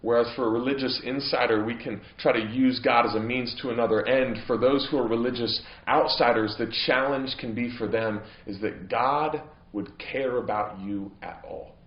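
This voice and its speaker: A man's voice: mid-range voice, steady tone, normal speed, hardly any pauses, lo-fi sound. Preaching man in a roomy church. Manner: earnest preaching, voice rising into emphatic, impassioned stretches. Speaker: pastor. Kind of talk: sermon.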